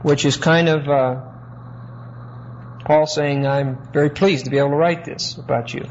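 Pastor with a slightly high voice, lo-fi. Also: male voice, steady tone, a little mellow. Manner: measured teaching with rhetorical questions, stretches key words slowly. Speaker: pastor teaching a Bible study. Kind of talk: expository sermon. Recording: muffled lo-fi recording with faint hiss.

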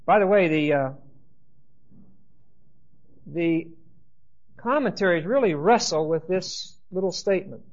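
A man teaching a Bible class, explaining slowly and checking in with his listeners with "right?" and "okay?". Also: high-pitched, lively intonation. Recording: dull lo-fi lecture recording.

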